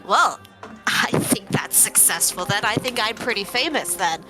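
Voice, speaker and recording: A woman's voice: mid-range voice, expressive, a little slow, pushed and bright, faint music behind. A woman playing a tabletop game, talking in character in a brash, crude, swaggering way. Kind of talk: casual in-character play.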